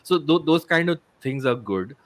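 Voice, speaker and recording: A man's voice: a little high, lively intonation, normal speed. Chatty man on a panel. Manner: chatty, mixes English with Hindi. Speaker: comedian panelist. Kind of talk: casual panel chat.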